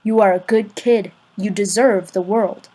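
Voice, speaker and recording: A woman's voice: mid-range voice, fairly even intonation, mellow, close to an everyday voice, low-quality recording. A woman reading the lines of an earnest adult male teacher in an amateur audiobook, talking urgently and sometimes stammering. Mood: gentle, insistent. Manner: urgent, halting, stammering in places.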